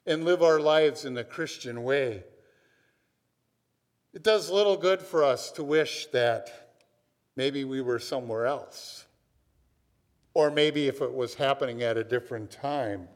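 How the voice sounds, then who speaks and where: A man from Minnesota preaching a sermon, telling stories in a conversational way and often checking in with "right?". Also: mid-range voice. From Minnesota, USA. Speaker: pastor. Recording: long hall reverb.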